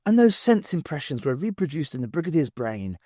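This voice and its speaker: Impatient, grave alien scientist, lecturing with lively pitch, read by a man. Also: brisk, no echo, studio quality. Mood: urgent lecturing. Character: impatient, grave, ancient male time traveller.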